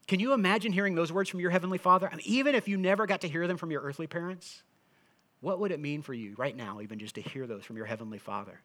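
A middle-aged man preaching with a bright, forceful voice. He speaks earnestly and conversationally, often restarting his phrases as he explains scripture to his listeners. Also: fairly high pitch, fast. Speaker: pastor. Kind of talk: sermon.

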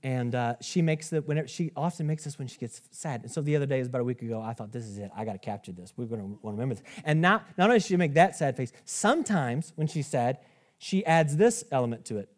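A man in his thirties preaching a sermon, conversational and animated, often restarting and stepping aside to talk to the congregation. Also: medium pitch, quick pace. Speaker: pastor.

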